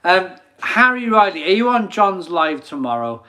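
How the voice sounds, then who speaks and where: A man's voice: high voice, big pitch swings, normal speed, sharp tone. A man in his forties hosting a casual live beer stream, chatty and laughing often as he reads out viewer comments. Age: 40s.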